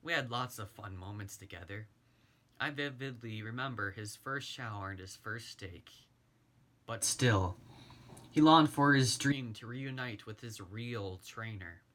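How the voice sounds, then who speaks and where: A man's voice: lowish voice, unhurried, fairly bright tone. Chatty teen boy gamer, read by a man. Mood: reflective. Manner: talks straight to the listener, chatty. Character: sixteen-year-old boy gamer, chatty and earnest. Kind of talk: first-person storytelling reading.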